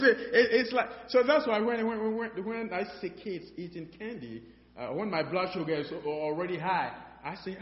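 A man preaches with a high, lively voice that swings up and down, stumbling over his words and repeating them as he builds his points. The sound is dull and muffled, carried through a long hall reverb. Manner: animated, repeats words, many fillers; acts out dialogues in his story. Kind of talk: sermon.

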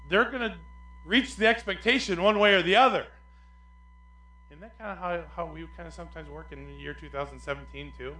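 A male pastor preaching with a bright, fairly high voice that leaps up for emphasis and drops low for quiet asides. His sermon rings through an echoey church room. A faint hum sits underneath. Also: a little fast. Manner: animated, swings between loud emphasis and quiet asides.

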